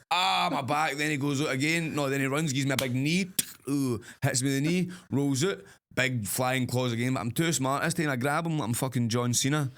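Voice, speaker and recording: A young man co-hosting a podcast, telling a story in a casual, animated way, swearing and acting out the action with sound effects. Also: mid-range voice. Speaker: podcast co-host.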